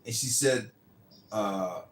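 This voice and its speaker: A man, a candidate hosting a podcast, telling rambling, animated stories in casual chat and swearing freely. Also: fairly low pitch, slow pace. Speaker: mayoral candidate and podcast host. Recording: roomy echo with faint ambient noise.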